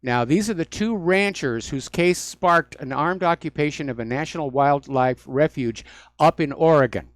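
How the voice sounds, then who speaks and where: A male host does solo talk radio, riffing on the news at a moderate pace with sardonic, mocking asides. His voice sits somewhat high for a man, and the studio recording is close and dry, free of room echo.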